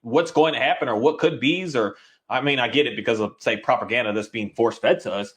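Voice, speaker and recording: A man's voice: medium pitch, a little fast, a bit bright. A man who trains dogs, talking casually and rambling, with many restarts and little voices acted out for dogs. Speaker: dog trainer. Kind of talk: casual conversation.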